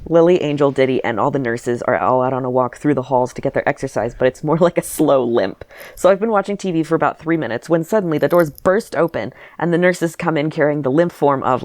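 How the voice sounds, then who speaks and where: A man's voice: mid-range voice, fairly quick, no room sound, clean studio sound. A man co-hosting a podcast, reading his childhood writing aloud with wry comments and bursts of laughter. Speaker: podcast co-host.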